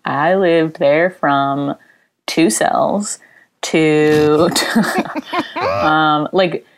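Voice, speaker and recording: A woman's voice: sits low, expressive, drawn-out words. A woman from upstate New York, a musician, chatting casually as an interview guest, rambling with fillers and frequent giggles. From Rochester, New York.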